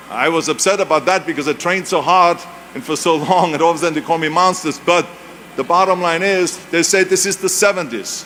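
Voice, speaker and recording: A man's voice: on the high side, a little fast, a bit bright, a little hiss or hum. A man in his seventies, a native German speaker with a German accent, gives an emphatic, anecdotal motivational speech with self-mocking humor at a university event. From Europe. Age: 70s.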